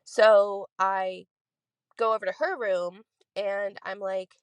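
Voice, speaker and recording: Young female listener, twenties, chatty voice-message storyteller, rambles, mid pitch, dry close sound. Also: fairly even intonation, slow pace, clean tone, no echo. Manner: rambling, many fillers. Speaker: listener sharing a ghost story. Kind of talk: recorded voice message, casual storytelling.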